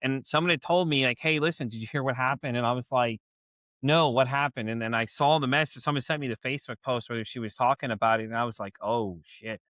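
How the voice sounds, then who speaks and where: A man's voice: mid-range voice, quick pace, a bit bright, dry recording, studio quality. A man with a Texan accent hosting a podcast in casual chat, telling stories animatedly, swearing and acting out his own reactions. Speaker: podcast host.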